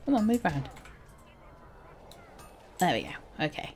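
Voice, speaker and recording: Low-key chatty woman streaming a game. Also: big pitch swings, normal speed, long pauses, warm tone, breathy edge, faint music behind. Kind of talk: casual gaming chatter.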